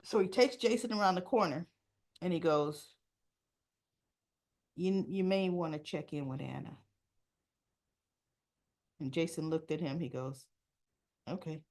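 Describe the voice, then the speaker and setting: A woman's voice: low voice, unhurried, long pauses, darkish tone. A woman hosting a casual soap opera recap, chatting and acting out the characters' lines with asides.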